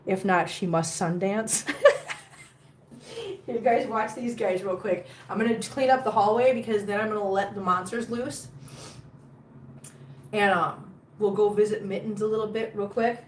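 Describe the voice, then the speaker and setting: A woman vlogger chatting casually on a livestream at home, cleaning up and coaxing her cats out with high sing-song baby talk. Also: steady tone, moderate pace. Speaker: cat vlogger. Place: home hallway. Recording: roomy, from a distance, faint background noise.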